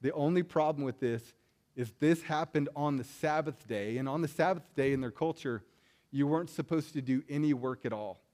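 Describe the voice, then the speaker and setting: A man's voice: on the high side, moderate pace, darkish tone. A man giving a conversational sermon, retelling stories in a casual way and often checking in with "right?". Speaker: preacher.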